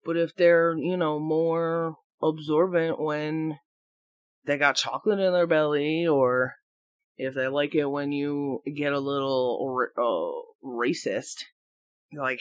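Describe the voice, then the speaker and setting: A man rambling through a reflective solo audio blog into a microphone, halting and questioning himself as he goes, swearing freely. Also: fairly high pitch, no room sound. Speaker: audio blogger. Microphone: talking into a microphone.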